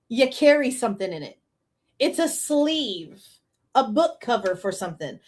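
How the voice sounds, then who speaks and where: A woman hosting a true crime reaction show, talking casually in an animated, incredulous way, with slang and frequent laughs. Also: sits high, normal speed. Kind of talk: casual commentary.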